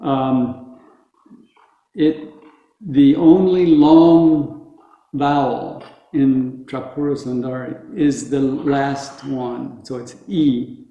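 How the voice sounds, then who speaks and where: A man teaching a group how to pronounce words, slowly and patiently, repeating each word for them to echo back. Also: medium pitch, fairly even intonation, dark tone, highs cut off. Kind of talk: teaching Sanskrit pronunciation to a group. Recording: very echoey room.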